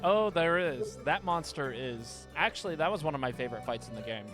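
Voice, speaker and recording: A man's voice: a little high, expressive, fairly quick, a bit bright, faint music behind. A man streaming a video game, chatting casually with a friend and stumbling over repeated words. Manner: hesitant, repeats words, laughs easily. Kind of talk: casual gaming stream chat.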